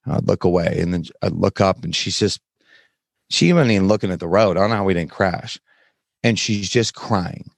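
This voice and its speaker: A man as a podcast guest, telling his story candidly in plain, frank words with halting restarts. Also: sits low, creaky, no echo, clean studio sound. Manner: frank, plain-spoken, occasional swearing; halting, many fillers and restarts while recounting.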